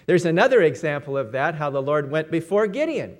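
A man's voice: on the high side, very animated, fairly quick. A man preaching a sermon, retelling stories and briefly acting out the quoted lines.

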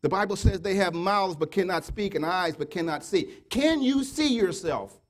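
A man preaches a sermon at a moderate pace with lively intonation, hurling rhetorical question after rhetorical question at his congregation. He swings between loud urging and quiet, murmured asides.

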